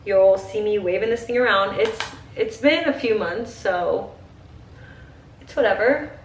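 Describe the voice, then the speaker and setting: A woman's voice: medium pitch, measured pace, slight background noise. Chatty young woman, roomy far-off mic. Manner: chatty, gushing, says "like" constantly. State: teary, crying at times. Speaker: vlogger. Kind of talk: get-ready-with-me chat.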